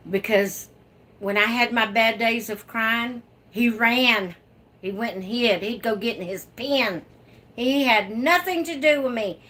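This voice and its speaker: Slow-talking woman chatting on her livestream. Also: on the high side, pushed and bright. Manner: chatty, unhurried, laughs often. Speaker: livestream host. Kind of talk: casual live chat reading viewer comments.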